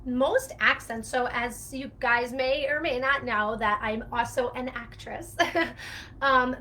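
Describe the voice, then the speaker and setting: A woman's voice: fairly high pitch, bright, forceful tone. A woman speech-language pathologist giving a casual, rambling teaching talk, with fillers and the odd laugh.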